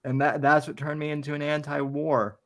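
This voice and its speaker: A man co-hosting a casual political chat show, speaking haltingly with frequent restarts and asides to the audience. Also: fairly high pitch, level tone. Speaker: podcast co-host.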